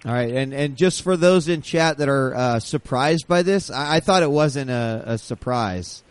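A man's voice: mid-range voice, moderate pace, smooth, no echo. A man hosting a casual gaming talk show, bantering energetically and swearing freely. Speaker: host. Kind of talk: casual chat.

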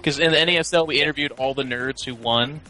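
A man guest at a LAN center, telling stories in animated, casual chat. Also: mid-range voice, fast talker, soft background music, rough recording. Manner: animated storyteller. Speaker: guest player.

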